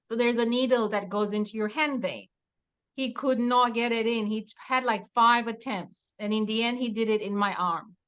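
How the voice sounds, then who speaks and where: A woman recounting her own patient story in an interview, animated and acting out the dialogue with frequent laughter. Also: on the high side, moderate pace, smooth. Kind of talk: emotional personal testimony in an interview.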